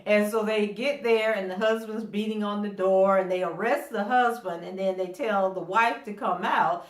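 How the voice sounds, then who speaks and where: A woman's voice: medium pitch, moderate pace, reverberant. A middle-aged woman hosting a casual TV episode recap. She is chatty, laughs often, and acts out quotes from the characters. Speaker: TV recap host.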